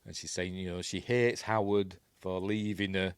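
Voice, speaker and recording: A man with a Yorkshire accent talks his way through a film scene by scene in a loose, chatty ramble, stopping and restarting often. His voice sits very low. The recording is close and dry, with almost no room sound. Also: fairly even intonation, normal speed, clean tone, no echo. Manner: rambling, many fillers and restarts. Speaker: film reviewer. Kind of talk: casual film breakdown.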